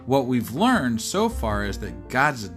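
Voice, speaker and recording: A man's voice: mid-range voice, sing-song, unhurried, soft background music. Joking man podcast co-host. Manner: joking, irreverent banter. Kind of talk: casual chat.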